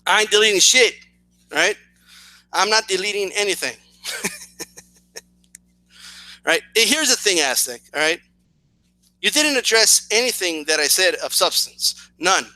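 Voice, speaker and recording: A man's voice: high voice, expressive, measured pace, pauses often, sharp tone, no room sound, rough recording. A man hosting a video channel, firing off a challenging response to a rival. He talks in a sarcastic, repetitive way, restarting phrases and asking "right?" again and again. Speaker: boxing commentary channel host.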